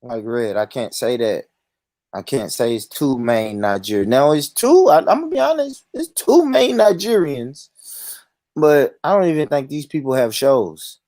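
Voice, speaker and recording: A man's voice: on the high side, moderate pace, dry recording. A man hosting an online panel, talking in a heated, profane way and cutting in on others. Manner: animated, profane, interrupts others. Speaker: show host.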